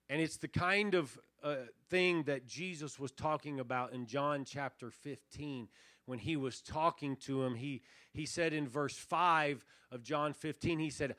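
A man in his thirties preaching a sermon, telling a story with lively acted-out quotes. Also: on the high side, unhurried, no room sound. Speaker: pastor.

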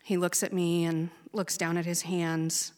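A woman's voice: fairly low pitch, level tone, unhurried, a little mellow, clear, resonant tone. A woman in her thirties from Oregon, telling an earnest, emotionally raw personal story on stage. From Oregon, USA. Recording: long hall reverb.

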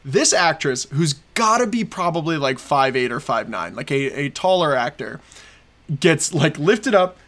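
A man co-hosting a podcast, telling stories in a casual, excitable, rambling way with lots of fillers. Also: a little high, measured pace. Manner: excited, rambling storytelling with frequent fillers and laughs. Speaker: podcast co-host. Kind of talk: casual chat.

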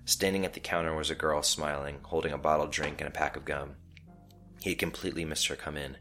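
Very deep male storyteller. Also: fairly even intonation, fast, sharp tone, faint music behind. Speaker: narrator. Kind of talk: scripted story narration.

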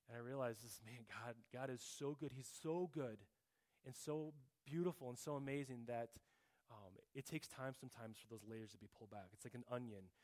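A middle-aged man giving a heartfelt testimony in church, earnest and often dropping to a soft, quiet tone, sometimes repeating words as he searches for a phrase. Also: mid-range voice. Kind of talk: sermon testimony.

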